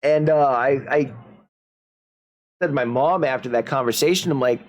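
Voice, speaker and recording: A man's voice: mid-range voice, normal speed. A man from the Upper Midwest, hosting a stream in casual chat and telling rambling, joking stories. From Upper Midwest United States. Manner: rambling storyteller, animated and joking. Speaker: streamer host.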